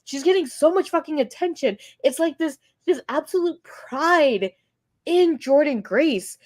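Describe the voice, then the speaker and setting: Gushing, emotional woman with slightly high voice. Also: expressive, measured pace. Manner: emotional, gushing, swears often. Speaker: podcast co-host. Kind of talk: casual wrestling chat.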